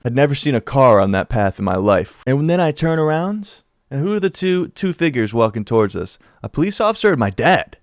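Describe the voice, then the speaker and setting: A young man spins a school-days story for his channel in loose, slangy talk. He jumps his voice up and down to act out the people in it. His voice is mid-pitched and sounds close and dry, with no room around it. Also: quick pace, hardly any pauses, dry recording. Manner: animated, slangy, acts out quotes with shifting pitch. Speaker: YouTuber telling a life story. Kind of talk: casual storytelling over gameplay.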